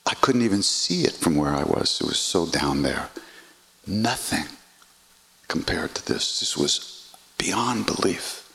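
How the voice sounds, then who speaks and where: An older man telling a personal story in an animated way, acting out voices and swearing freely. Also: sits low, measured pace, vocal fry. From United States. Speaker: podcast host.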